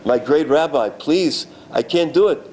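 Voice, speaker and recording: A man's voice: on the high side, expressive, measured pace, darkish tone, a little hiss or hum. A man voicing a nervous driver who politely begs off an order in a sermon story. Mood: pleading. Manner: apologetic, pleading. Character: timid, pleading male chauffeur.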